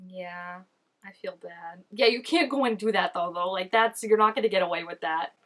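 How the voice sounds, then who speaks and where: A woman in her twenties giving chatty, animated reaction commentary while watching an episode, with lots of "like" fillers. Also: lowish voice, moderate pace. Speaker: reaction channel host.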